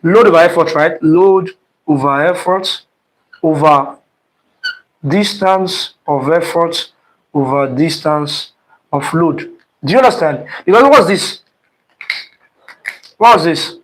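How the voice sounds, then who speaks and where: A man's voice: on the high side, fairly bright tone, rough recording. A man teaching an online exam-prep physics lesson, repeating terms and quizzing students with "what?" questions. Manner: speeds up and slows down, stressing terms.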